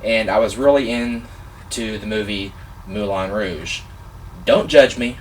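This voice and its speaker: A man vlogger telling a personal story in a casual, excitable, animated way, gushing like a fan. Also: fairly low pitch, slow pace, distant mic, a little hiss or hum.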